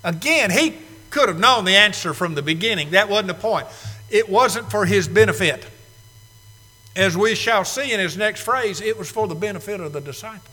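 A man preaching a sermon, emphatic, swinging between quiet asides and loud declarations. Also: sits high, expressive, moderate pace. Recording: long reverb of a large hall.

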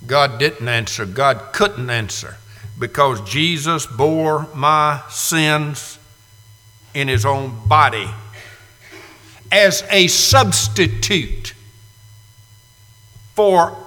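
A man in his sixties preaching a dramatic sermon, moving from hushed, slow passages to loud cries. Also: high-pitched. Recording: reverberant hall.

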